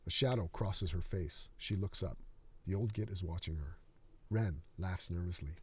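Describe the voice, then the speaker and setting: A man reading his screenplay aloud in a steady, dramatic manner. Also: low-pitched, a little slow, breathy edge.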